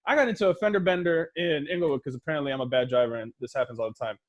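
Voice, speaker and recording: Speaking very fast in a fairly high pitch, this man in his thirties does stand-up over a video call. The Los Angeles comedian spins casual, profane stories, imitating the voices of the characters involved.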